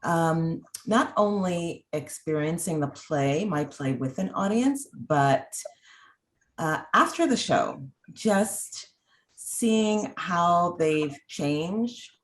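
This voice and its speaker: A woman hosting an interview over a video call, thoughtful and pausing often with ums. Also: on the low side, lively intonation. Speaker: host.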